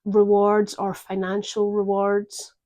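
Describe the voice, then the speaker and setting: A woman giving a gentle, reflective tarot reading, pausing often to think. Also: medium pitch, monotone. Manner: gentle, reflective, with pauses and fillers. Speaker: tarot reader.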